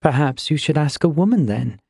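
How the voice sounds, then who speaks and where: A man's voice: a little high, lively intonation, brisk, creaky, warm tone, husky, dry recording, studio quality, voice pushed up, full character voice. A male narrator voicing a wry, teasing young woman seer in an audiobook.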